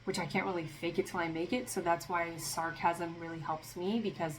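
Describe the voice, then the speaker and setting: A woman's voice: lowish voice, steady tone, fairly quick, slight background noise, rough recording. A woman giving a casual spiritual tarot reading, talking in a loose, rambling way with lots of fillers and a sarcastic streak. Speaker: tarot reader.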